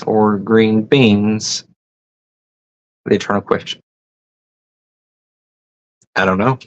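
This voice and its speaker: Slow, musing man chatting. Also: fairly low pitch, fairly even intonation, gravelly, lo-fi sound. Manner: musing, reads chat comments aloud. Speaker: host. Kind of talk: casual livestream chat.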